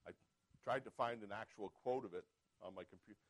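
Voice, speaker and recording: A man preaching a sermon as pastor, reading scripture aloud and calling out "Amen?" to the congregation, swinging between quiet asides and loud emphatic passages. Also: fairly low pitch, a little fast, poor audio.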